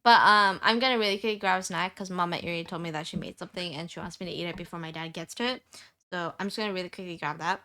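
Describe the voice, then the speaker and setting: A young woman streamer chatting casually with her viewers. She has a high-pitched voice that turns squeaky at times, rambles, and repeats herself with plenty of fillers. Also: fast, sharp tone.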